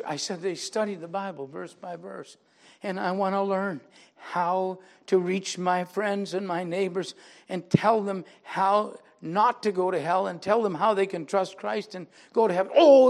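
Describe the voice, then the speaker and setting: Vocal fry colors the high-pitched voice of this older pastor as he preaches and shares his testimony. He performs the dialogue of those he quotes and builds into forceful preaching.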